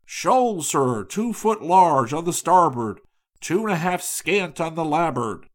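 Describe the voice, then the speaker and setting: A man doing a hoarse far-off steersman calling. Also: fairly high pitch, big pitch swings, slow pace, pitched above the performer's own voice. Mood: dutiful. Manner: raised, dutiful calls of "aye, aye, sir". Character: male steersman calling back reports.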